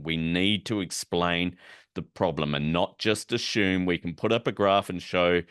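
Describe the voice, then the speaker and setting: Deep-voiced man explaining policy. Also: fairly even intonation, a little slow, fairly bright tone, smooth, no room sound, clean studio sound. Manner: conversational, explains terms as he goes, with asides and light humor. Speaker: policy educator. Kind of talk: recorded explanatory lecture.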